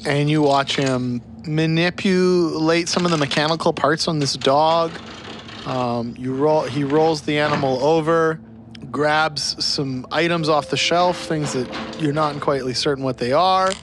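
A man narrating scenes as game master of a tabletop game, in steady, descriptive storytelling. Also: fairly high pitch, unhurried, slight background noise.

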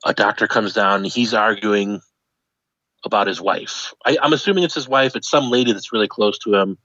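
Bright-voiced man telling a comic story. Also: on the low side, moderate pace, no room sound. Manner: animated, acts out voices of people in the story. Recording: dull lo-fi dry recording.

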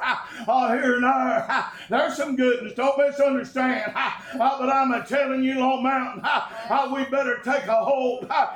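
A man shouts a fiery sermon in a very high voice. He chants in short bursts, with a rhythmic "uh" gasped between phrases. The church room rings with echo around him. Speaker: pastor. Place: church service. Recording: echoey church sanctuary.

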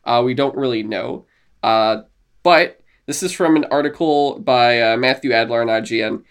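A man's voice: mid-range voice, moderate pace, clear, resonant tone. Rambling young male podcast host. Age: 20s. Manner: rambling, laughing, with many fillers and restarts. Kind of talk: casual chat.

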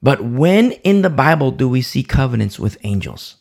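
A man's voice: medium pitch, sing-song, normal speed, vocal fry, a little mellow. A man teaching a Bible study in sermon style, emphatic and fond of repeating phrases for stress.

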